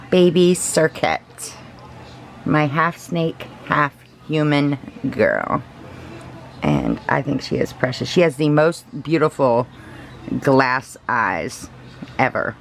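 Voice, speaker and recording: A woman chatting casually and gushing softly, laughing often as she shows off her collection. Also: deep voice, creaky. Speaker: reborn doll collector. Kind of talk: casual show-and-tell vlog.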